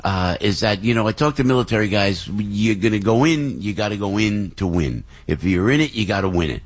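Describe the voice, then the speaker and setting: A man hosting a morning radio talk show, rambling and excitable as he reads a live ad and introduces a guest. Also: fairly low pitch, a little fast, husky. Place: radio studio.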